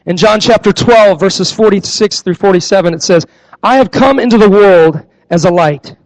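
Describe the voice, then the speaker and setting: A young man preaching a sermon as a youth pastor, repeating his key phrases for emphasis and acting out stories in lively voices. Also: high-pitched, normal speed, rough recording. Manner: animated storytelling with acted-out voices.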